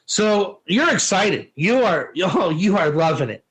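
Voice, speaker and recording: A man teaching a Torah lesson in an informal, animated way, telling stories and asking rhetorical questions. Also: high-pitched, measured pace, few pauses, low-quality recording.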